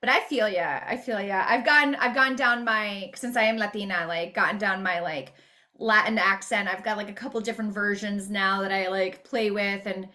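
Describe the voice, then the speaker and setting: Bright-voiced woman, chatty and quick. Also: mid-range voice. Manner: chatty, laughs often, quick asides. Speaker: voice actor guest. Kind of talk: casual interview chat.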